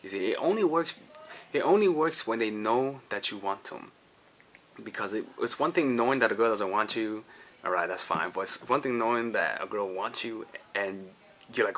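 A man's voice: on the low side, expressive, normal speed, fairly bright tone, a little hiss or hum. A man giving casual dating advice as a coach, rambling with many restarts and checking in with "all right?" and "you see".

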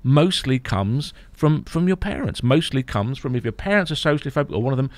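A man coaching and explaining on a podcast, emphatic, often checking in with a quick "right?". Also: mid-range voice, expressive, no echo. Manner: emphatic, explaining, frequent "right?" tag questions. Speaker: therapy programme coach. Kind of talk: podcast guest conversation.

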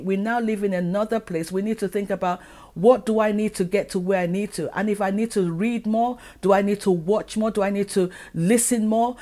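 A woman's voice: mid-range voice, a little mellow. A middle-aged woman from Africa, hosting her own advice vlog and talking earnestly to the camera, full of rhetorical questions. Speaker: channel host and educator.

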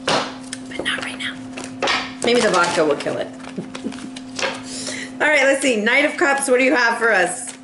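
A woman's voice: fairly high pitch, expressive, unhurried, pauses often, roomy sound, background noise. A woman giving a casual, playful tarot reading, laughing often and acting out little voices, with a cough now and then. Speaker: tarot reader.

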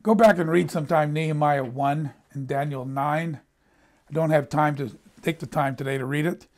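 A man's voice: fairly high pitch, moderate pace. An older American man giving a sermon, telling personal stories in a conversational way and often repeating words as he restarts a sentence. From United States. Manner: conversational storytelling, repeats words when he stumbles. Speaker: preacher.

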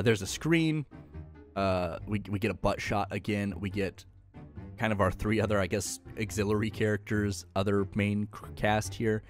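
A man giving a casual episode recap, joking, slangy and full of sarcastic asides. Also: fairly low pitch. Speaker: anime recap host.

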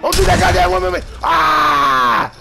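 A man's voice: very high voice, big pitch swings, normal speed, vocal fry. A man streaming a horror video game who taunts, curses and mock-threatens the other players nonstop. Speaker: gamer streamer. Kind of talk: trash-talking gameplay commentary. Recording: game music playing loudly behind.

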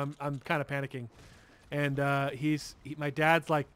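A man's voice: fairly high pitch, normal speed, fairly bright tone. A man telling a long story while playing a game, rambling and swearing freely with lots of restarts. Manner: rambling, profane, restarts a lot. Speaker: gamer streamer.

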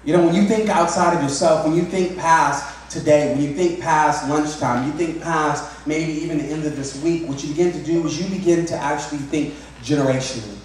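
A man in his thirties preaches a sermon, his voice a touch high and full of repeated, restarted phrases. The sound comes from some distance, with heavy echo in a hall and faint background hiss. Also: fairly quick, few pauses. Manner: repeats words, restarts often, animated. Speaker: pastor. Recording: echoey hall, mic from far off.

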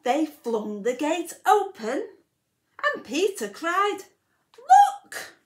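A woman reading a rhyming picture book aloud to children for a library storytime, very expressive, with whispered asides. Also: high voice, takes it slowly.

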